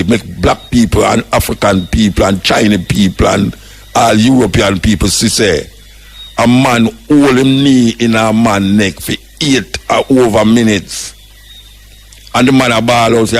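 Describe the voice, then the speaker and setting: Older Jamaican radio host, husky voice, fiery preaching monologue in patois. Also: male voice, medium pitch. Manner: impassioned, preaching, mixes patois with English. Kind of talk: radio talk commentary.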